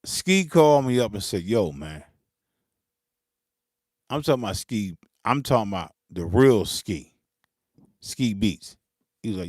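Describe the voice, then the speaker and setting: Animated, profane man ranting about gear. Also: lowish voice, a little slow, long pauses, dry recording, clean studio sound. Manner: profane, animated, laughing, mimics critics. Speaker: beatmaker hosting his channel. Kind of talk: unscripted monologue, ranting.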